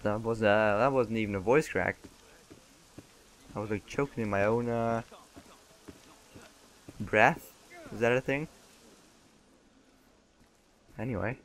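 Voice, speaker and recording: A man's voice: lowish voice, unhurried, pauses often, a bit bright, slight background noise. A man giving casual, joking gameplay commentary and talking back to the game's characters. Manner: joking, chatty, talks back to game characters. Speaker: let's play gamer.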